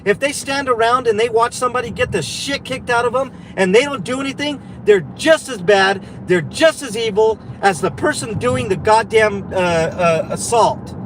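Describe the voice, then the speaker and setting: Guy ranting mad in his car, highish voice, sarcastic and swearing, faint car noise. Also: moderate pace, hardly any pauses. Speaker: livestreamer. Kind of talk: angry livestream rant. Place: in a car while driving.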